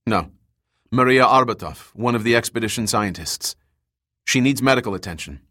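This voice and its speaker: A man voicing a calm rescuer asking steady questions. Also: mid-range voice, normal speed. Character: calm male adventurer leading a rescue.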